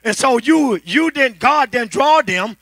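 A pastor preaching a fervent sermon, calling to the congregation and building to a shout. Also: male voice, extremely high pitch, animated, a little slow, no room sound.

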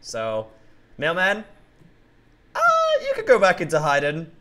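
A man hosting a game roleplay who talks excitably and keeps yelling out names and exclamations. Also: on the high side, a little slow.

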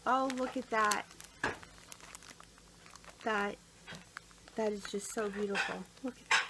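A woman vlogging at home, gushing with excited exclamations as she unboxes a package on camera. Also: medium pitch, slow, noisy background. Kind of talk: casual unboxing vlog.

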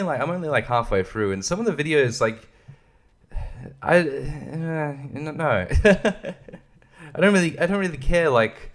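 Man, young adult, casual podcast chat, rambling, swears a lot, frequent laughs. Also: medium pitch. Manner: rambling, profane, laughs often. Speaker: podcast host.

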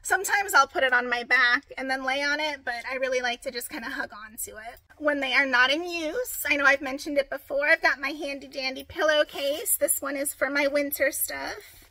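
A woman with a hoarse, raspy voice, chatting upbeat and direct to viewers in a casual how-to vlog. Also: sits high, fairly quick, pushed and bright, rough recording. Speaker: vlogger.

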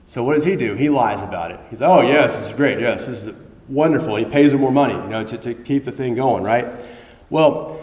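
A male pastor giving an informal, conversational sermon in a church, telling a story with animated retellings, frequent restarts and rhetorical questions. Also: mid-range voice. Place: church sanctuary. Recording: echoey church hall with long reverb.

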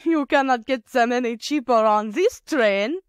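Woman voicing a calm, shrewd peasant woman. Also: a little high, clean tone, no echo, studio quality, voice pushed up, lightly acted. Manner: calm, matter-of-fact, drawn-out haggling.

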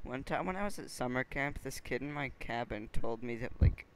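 A man's voice: medium pitch, fairly quick, heavy background noise. A man co-hosting a let's play, joking and teasing his partner in casual banter.

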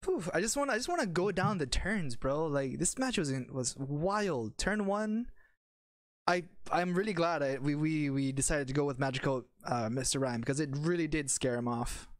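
An excited young man chatting casually on a voice call. His voice sits a bit high for a man, and the sound is dry and close. He rambles and restarts his sentences, calling his friend bro. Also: normal speed, no room sound. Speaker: channel host and competitive player. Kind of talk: casual chat.

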